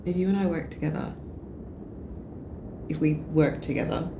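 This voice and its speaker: A woman's voice: low voice, steady tone, moderate pace, echoey room, background noise. An actress playing a drunk Australian political media adviser, bitter and sarcastic as she rambles through a story. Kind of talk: film drama dialogue.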